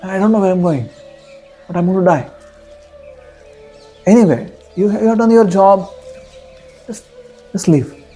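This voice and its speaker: A man's voice: high voice, expressive, unhurried, pauses often, dark tone, soft background music, pitched above the performer's own voice. A man voicing a dying old king who is tired and impatient with a fool, in a told story. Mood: weary. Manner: tired, exasperated scolding.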